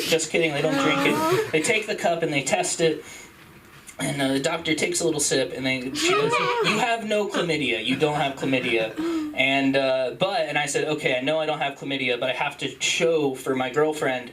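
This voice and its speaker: A young man from Utah doing rambling, self-deprecating stand-up at an open mic, jumping into high squeaky voices for the people he quotes. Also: a bit bright, far from the mic, slight background noise, rough recording. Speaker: stand-up comedian. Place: comedy club stage.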